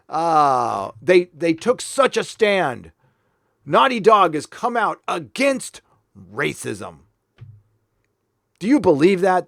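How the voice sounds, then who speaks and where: Casting note: a fairly high-voiced man as a sarcastic livestream host, close dry mic, mock-earnest delivery. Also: very animated, takes it slowly, vocal fry, pauses often, no room sound. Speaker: host reading viewer donations. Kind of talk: casual livestream chat.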